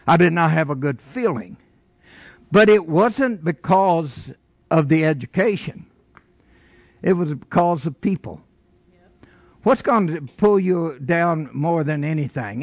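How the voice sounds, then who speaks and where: An older man delivers a folksy sermon, his voice gravelly and somewhat high. He drifts into homespun stories, then climbs to emphatic, raised lines. The sound is dry and close. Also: a bit bright, no echo. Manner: folksy preaching, rising emphatic bursts. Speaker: pastor.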